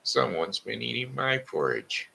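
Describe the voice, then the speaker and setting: A man's voice: mid-range voice, very animated, unhurried, creaky, pushed and bright, slight background noise, pitched above the performer's own voice, exaggerated voice. A man voicing a fussy mother bear in a storybook reading, in a raised, prim complaining tone.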